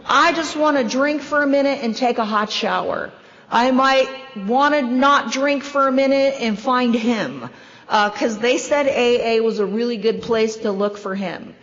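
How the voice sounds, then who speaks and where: A woman in her fifties or older shares her recovery story from a podium, her voice sitting a bit high. She tells it with wry, self-deprecating asides. The long reverb of a large hall trails her words on a dull recording. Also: measured pace, fairly bright tone, a little hiss or hum. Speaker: convention opening speaker. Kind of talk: recovery meeting speaker share. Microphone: podium microphone.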